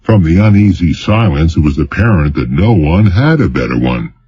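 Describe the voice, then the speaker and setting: A man narrating a thriller audiobook in measured, dramatic storytelling. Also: low voice, sing-song, mellow, breathy edge, no echo, dull audio. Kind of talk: scripted narration.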